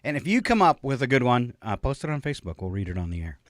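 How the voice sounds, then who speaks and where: A man's voice: medium pitch, sing-song, fast talker, dry recording, studio quality. A man co-hosting a radio morning show, joking around, laughing often and stumbling over fillers as he chats with his co-host. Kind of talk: casual radio banter. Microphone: studio microphone.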